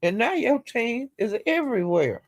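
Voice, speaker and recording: A woman's voice: on the high side, sing-song, moderate pace, no echo, studio quality. A woman vlogger giving casual gossip commentary, blunt and profane, sounding exasperated as she retells the drama.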